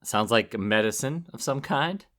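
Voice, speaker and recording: A man's voice: mid-range voice, lively intonation, normal speed, a bit bright. A man co-hosting a podcast, reacting wryly in casual chat and reading a chapter summary. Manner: wry, easygoing responder. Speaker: podcast co-host.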